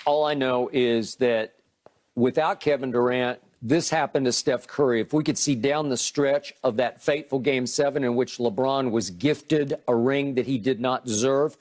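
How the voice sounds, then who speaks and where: A man co-hosting a heated sports debate, walking through game clips in a measured, pointed way. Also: medium pitch, a little mellow. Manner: measured, narrates clips, dismissive interjections.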